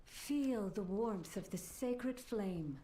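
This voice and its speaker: Slow, reverent game villager. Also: female voice, medium pitch, lively intonation, mellow, slight background noise. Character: solemn female villager of a flame-worshipping people.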